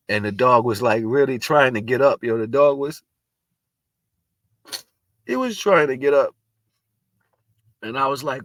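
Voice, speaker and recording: A man's voice: mid-range voice, normal speed, pauses often, a bit bright, dry recording. A man talking in a casual, rambling monologue, earnest and spiritual, often restarting his sentences. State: tearful at moments. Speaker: vlogger sharing personal reflections.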